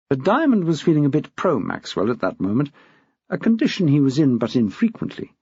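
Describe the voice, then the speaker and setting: Gravelly male audiobook narrator. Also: a little high, wildly swooping pitch, brisk, darkish tone, no room sound. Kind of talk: scripted narration. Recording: dull dry lo-fi recording.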